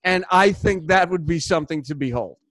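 High-voiced man rambling on sports. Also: fairly quick, no room sound. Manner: animated, rambling with restarts. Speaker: podcast host. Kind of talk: casual sports chat.

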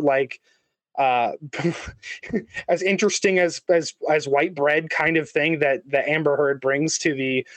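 A man co-hosting a casual podcast chat, talking in halting bursts with many restarts and fillers. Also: fairly high pitch, dry recording. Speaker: podcast co-host. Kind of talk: casual chat about movie casting.

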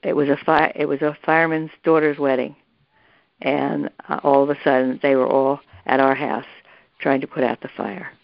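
Her voice sits low, with vocal fry and a flat delivery at a moderate pace. She's an older woman interviewed about her family, telling the story casually in a rambling manner and restarting often with many asides. The lo-fi recording is dull and dry, with no echo.

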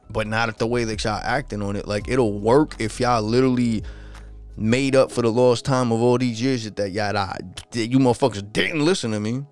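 A man hosting a podcast, ranting in a casual, profane and frustrated monologue. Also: mid-range voice.

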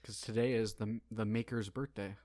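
A man's voice: lowish voice, steady tone, normal speed, a little mellow, no room sound, studio quality. A man with a West Coast American accent co-hosting a podcast in casual chat, eager and profane, often saying "like". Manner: enthusiastic, profane, says like a lot. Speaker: podcast co-host.

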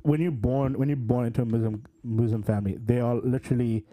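A man's voice: medium pitch, steady tone, fast, mellow. A young man co-hosting a podcast, rambling through casual chat with lots of fillers. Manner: rambling, filler-heavy, laughs easily. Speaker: podcast co-host.

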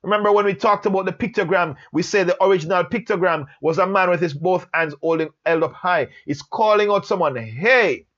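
Man, higher voice, earnest Bible teacher, slow and emphatic, slightly dull lo-fi sound. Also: a bit bright. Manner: slow, emphatic, repeats phrases for stress. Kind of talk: Bible letter study lesson.

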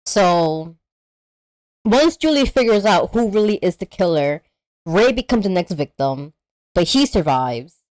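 A woman co-hosting a podcast, recapping a horror movie in an animated, profane way and acting out the characters' lines. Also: fairly low pitch, measured pace, dry recording. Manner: animated storyteller, acts out characters, swears freely. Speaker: podcast co-host. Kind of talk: casual movie recap chat.

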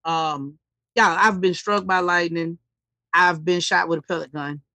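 A man's voice: high-pitched, fairly even intonation, measured pace, gravelly, pushed and bright, no echo. A man co-hosting a podcast, chatting casually and joking, rambling with fillers. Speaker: podcast co-host. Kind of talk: casual chat. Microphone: podcast mic.

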